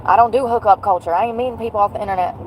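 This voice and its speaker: A woman livestream vlogger chats casually to her viewers from her car, blunt, joking, animated, and laughing often. Her mid-range voice comes rapid-fire, and the poor audio carries a bit of hiss or hum.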